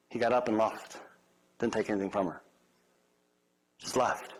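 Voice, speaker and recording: A man's voice: lowish voice, fairly even intonation, moderate pace, long pauses, low-quality recording. A male pastor giving a conversational sermon with humorous asides.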